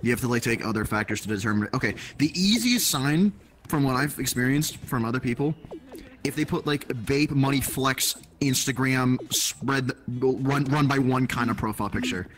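A man's voice: medium pitch, moderate pace, a bit bright, poor audio. Chatty man explaining in a loose rush. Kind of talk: casual chat.

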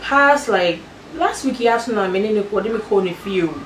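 A woman's voice: mid-range voice, expressive, brisk, a little hiss or hum, natural voice. A woman playing a young woman being chatted up, talking casually in a comedy skit. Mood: chatty. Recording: roomy, distant from the mic.

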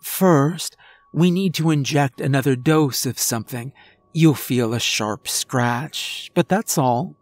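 A man's voice: medium pitch, slow, no room sound, natural voice. A man voicing a sweetly menacing female nurse who soothes and mocks her patient. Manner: soothing, mocking.

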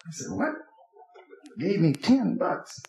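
A man's voice: sits high, animated, moderate pace, very noisy. A man doing live stand-up in a club, telling profane, streetwise stories. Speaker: stand-up comedian. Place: nightclub stage. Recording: echoey club with crowd laughter.

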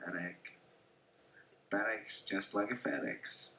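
A man's voice: low-pitched, expressive, takes it slowly, vocal fry, bright, forceful tone, reverberant, a little hiss or hum, poor audio. A man playing a game alongside the host, chatting casually and throwing in crude, teasing jokes. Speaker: co-player.

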